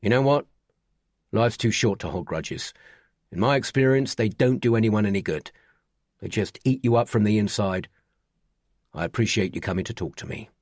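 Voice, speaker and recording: A man voicing a calm, firm male restaurant owner in an audiobook, speaking low and measured. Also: no room sound, studio quality, natural voice. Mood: steady. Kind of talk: audiobook character voice.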